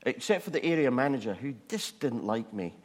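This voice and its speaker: Male preacher, animated self-mocking storyteller, reverberant hall sound. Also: medium pitch, a little fast. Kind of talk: humorous testimony sermon.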